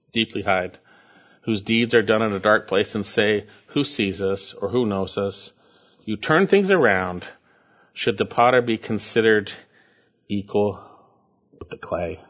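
A man preaching a sermon, reading scripture quietly and rising to loud, high emphatic bursts. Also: a little slow, long pauses, lo-fi sound. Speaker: pastor.

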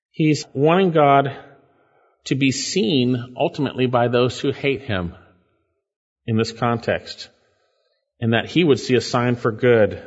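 Male pastor, animated verse-by-verse sermon, long hall reverb, dull lo-fi recording. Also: mid-range voice, slightly rough. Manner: earnest and animated, rising sharply for emphasis.

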